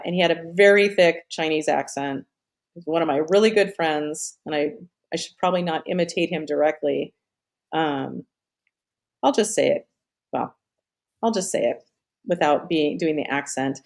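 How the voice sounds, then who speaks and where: A woman's voice: low voice, vocal fry. A middle-aged woman hosting a live stream in casual chat, rambling off on tangents, swearing and laughing often.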